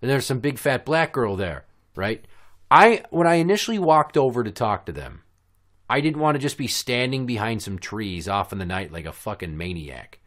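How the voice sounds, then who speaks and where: Guy ranting on his podcast, sarcastic and crude, ordinary middle pitch. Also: big pitch swings, moderate pace, fairly bright tone. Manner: profane, sarcastic, blunt. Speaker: podcast host. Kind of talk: casual ranting storytelling.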